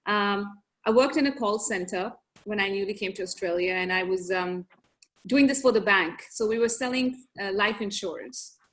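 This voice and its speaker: A young adult woman, a podcast guest, telling stories in a casual, animated way and laughing often. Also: medium pitch, moderate pace. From grew up in several countries. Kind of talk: casual storytelling chat.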